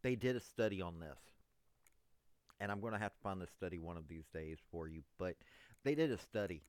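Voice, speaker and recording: A man delivering an unscripted political monologue, emphatic, addressing his listeners as ladies and gentlemen. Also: low-pitched, animated, brisk, no echo. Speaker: political commentator.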